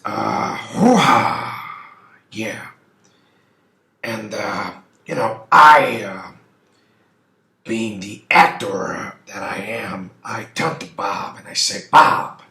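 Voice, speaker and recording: Man doing a swaggering old movie star; gravelly, slow drawl with shouted peaks. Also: lowish voice, full character voice. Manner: drawling, full of uhs, bursting into shouts. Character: brash aging male movie star, loud and swaggering. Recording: roomy echo.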